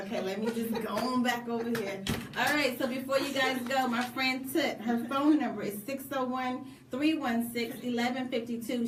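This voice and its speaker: A woman, co-hosting a talk show in a lively, preacherly manner. Her voice sits a little high, and she sounds like she is some way off from the mic in an echoey room. Faint ambience hums behind her. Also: recorded from a distance, a little hiss or hum. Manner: lively, preachy, laughing asides. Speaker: co-host. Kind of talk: casual radio talk.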